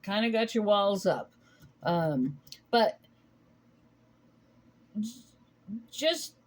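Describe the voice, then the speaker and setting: A woman talks through a tarot reading in a loose, casual way. She rambles, stops to restart her thoughts and fills gaps with soft hesitations. Her voice sits at an ordinary middle pitch. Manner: rambling, halting, many ums and restarts. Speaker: tarot reader.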